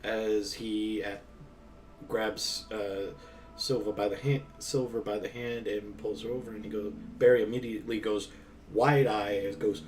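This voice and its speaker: Brief: relaxed slow game master narrating, distant mic with faint music behind. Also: male voice, lowish voice. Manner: casual, laughing, profane.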